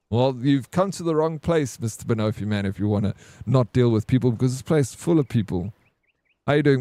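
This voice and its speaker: A man's voice: medium pitch, mellow, no room sound. Laid-back man telling stories. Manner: laid-back, swears, says "bro". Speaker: streamer. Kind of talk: casual storytelling to stream chat.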